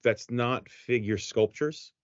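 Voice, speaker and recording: A man with a New Jersey accent, a toy brand team member casually answering questions in a roundtable, relaxed and rambling, over a video call. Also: medium pitch, slow pace, no echo, lo-fi sound. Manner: relaxed, rambling, laughs easily.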